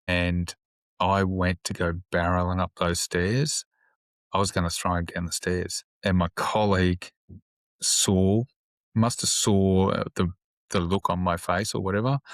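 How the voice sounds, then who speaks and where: On a podcast, a male police officer works through a story casually, stumbling over fillers and restarts and swearing freely. He speaks in a low, steady voice, and there's no room sound.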